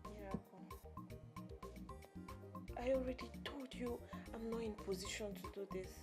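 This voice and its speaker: An actress playing a young live-in nanny, speaking in a soft, hesitant, apologetic way. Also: female voice, a little high, a little slow, over loud music, lightly acted. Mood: reluctant. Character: gentle live-in nanny, a young woman, hiding her tears. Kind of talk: film drama acting. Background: background film score.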